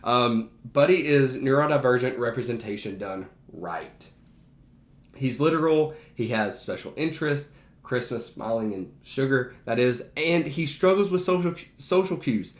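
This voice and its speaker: A man's voice: mid-range voice, lively intonation, measured pace. A man who works as a teacher, ranking favorite movies in a casual, enthusiastic and emphatic way. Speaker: teacher and behavior analyst. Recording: roomy echo.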